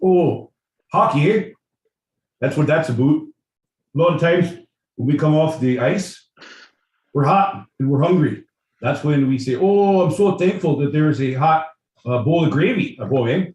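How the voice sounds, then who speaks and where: A man's voice: a little high, lively intonation, unhurried, a little mellow, echoey room, far from the mic. A man putting on a hockey-loving guy with a mock Canadian accent and a folksy manner. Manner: folksy, tacks on "eh".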